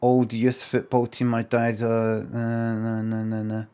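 A man's voice: mid-range voice, completely flat delivery, measured pace, dark tone, smooth. A Scottish man with a Glaswegian accent, telling a rambling, dry story in casual live-stream chat. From Scotland. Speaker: livestreamer.

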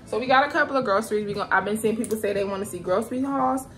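A woman's voice: mid-range voice, racing, a bit bright, faint music behind. A young woman chatting casually to her viewers in a vlog, often out of breath. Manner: chatty, addresses viewers directly. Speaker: vlogger. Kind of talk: casual vlog chat to camera.

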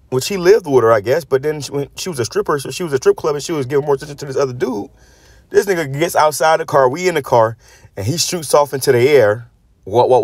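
A man preaches in a blunt, profane rant, reading verses aloud and then tearing into them. He keeps repeating words as he restarts his sentences. His voice sits at an ordinary pitch and sounds dry and close. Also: dry recording. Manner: reads scripture aloud then comments on it. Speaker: religious channel host.

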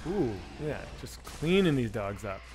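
During his casual gaming livestream, a man in his forties curses freely and talks to chat as he plays. His mid-range voice has a sing-song quality and a measured pace, with background noise audible.

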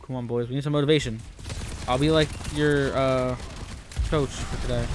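A young man excitedly commentating his own gameplay, trash-talking and pleading with teammates. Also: medium pitch, normal speed, pauses often, a little hiss or hum. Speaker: gamer streaming gameplay.

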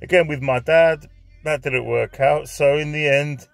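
A man's voice: a little high, fairly even intonation, unhurried, creaky, dry recording, faint music behind. A man, telling a rambling anecdote, swearing freely and dropping Greek phrases in. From north London. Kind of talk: anecdotal storytelling.

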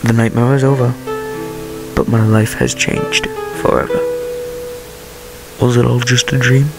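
A man voicing a brooding narrator who has woken from a haunting dream, reading game text in a slow, theatrical way. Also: medium pitch, level tone, over loud music, voice pushed down, rough recording. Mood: ominous. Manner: slow, gravelly, theatrical delivery.

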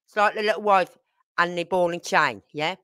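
A woman's voice: lowish voice, normal speed, a bit bright, clean tone. A middle-aged woman, telling blunt, salty stories casually to her viewers as a channel host. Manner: blunt, salty, tells stories with acted quotes. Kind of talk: casual storytelling to camera.

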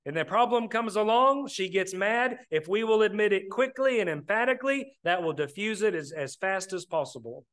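A man's voice: high voice, animated, moderate pace, hardly any pauses, a bit bright. A man preaching a sermon, plainspoken, often calling his listeners "brethren". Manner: plainspoken, addresses the congregation as brethren.

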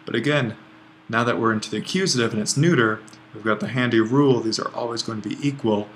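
A man teaching a grammar lesson over a screencast, relaxed and thinking aloud as he writes, often correcting himself. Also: medium pitch, quick pace, a little hiss or hum. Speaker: Greek language instructor.

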